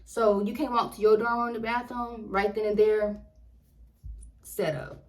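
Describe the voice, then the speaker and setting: A woman's voice: mid-range voice, normal speed, long pauses, poor audio. A woman in her twenties telling a story casually and with animation, full of slang, acting out what she said back then. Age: 20s. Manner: animated, slangy, acts out her own quotes. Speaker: vlogger.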